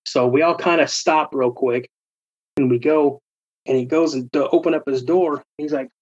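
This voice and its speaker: Casting: young man, husky lo-fi storyteller, a bit high, animated. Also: normal speed. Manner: animated, acts out quoted friends. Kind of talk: casual personal storytelling. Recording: dull lo-fi recording.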